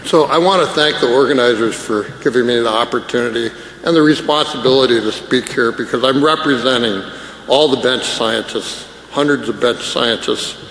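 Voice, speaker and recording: A man's voice: medium pitch, moderate pace, a bit bright. Scientist guy speaking at a conference, gets emotional, cracks jokes, echoey room w/ faint hiss. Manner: emotional, self-deprecating, joking. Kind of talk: conference plenary talk. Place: large conference hall. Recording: echoey hall with faint noise.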